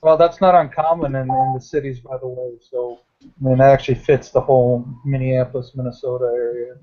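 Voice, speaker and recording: A man's voice: mid-range voice, flat delivery, a little fast. A man playing a tabletop game, chatting in a rambling, self-correcting way. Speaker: player. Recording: dull lo-fi recording.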